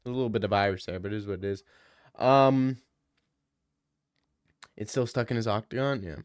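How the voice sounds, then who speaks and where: A man's voice: lowish voice, normal speed, long pauses, clear, resonant tone, no echo, studio quality. A man on a stream casually answering viewer questions, joking and ranting in mock outrage.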